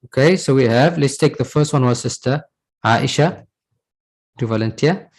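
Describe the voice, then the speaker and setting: A man's voice: medium pitch, moderate pace, a little mellow, low-quality recording. A man teaching an Arabic class, patiently repeating words and checking in with "right?" as he explains. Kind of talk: online class lesson.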